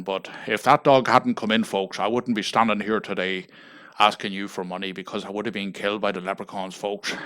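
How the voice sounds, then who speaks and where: An Irish man making a deadpan mock fundraising appeal on a livestream, pleading and tagging "folks" onto nearly every phrase. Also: fairly low pitch. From Ireland. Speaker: comedic livestreamer.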